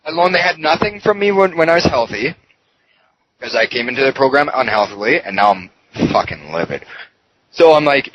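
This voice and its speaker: A man's voice: medium pitch, expressive, moderate pace, pauses often, fairly bright tone. A man recounting a heated story in a podcast interview, swearing often and acting out the dialogue. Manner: heated, profane retelling with quoted dialogue. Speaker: podcast guest. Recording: dull lo-fi sound with faint noise.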